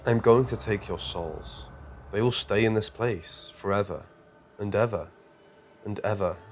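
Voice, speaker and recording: A man voicing a cruel horned demon with a raspy, coarse voice in a scary story. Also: fairly low pitch, a little slow, soft background music, natural voice. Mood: menacing.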